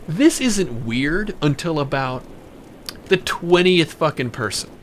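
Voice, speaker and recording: A man telling a wild personal story in a casual, animated, profane way, with many restarts. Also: fairly high pitch, a little slow, background noise.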